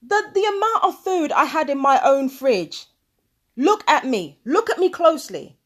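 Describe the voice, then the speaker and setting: A woman delivers a furious, foul-mouthed rant, pausing a recording to argue back at it. Her voice sits high, and she hammers the same questions over and over. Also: sing-song, a bit bright. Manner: furious, profane ranting with repeated questions. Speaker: vlogger. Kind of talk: angry commentary over a played recording.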